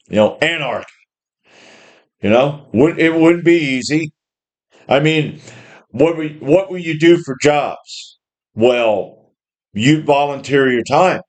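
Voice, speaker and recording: A man's voice: fairly high pitch, animated, slow, pauses often. Blunt, profane man in his fifties. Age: 50s. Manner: blunt, profane and combative, with mocking put-on quotes; restarts and repeats words often. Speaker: home gym channel host. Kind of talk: casual opinion monologue.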